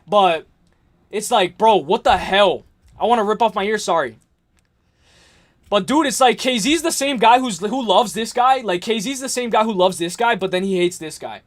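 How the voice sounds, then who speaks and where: A young man hosting a livestream, ranting hard about fights, repeating himself, swearing and yelling at times. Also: sits high, fairly quick. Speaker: livestream host. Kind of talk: heated livestream rant.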